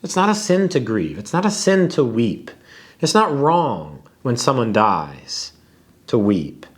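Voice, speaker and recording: A man giving an earnest expository Bible teaching, reflective, with slow emphatic pauses and some repeated words. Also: mid-range voice, sing-song.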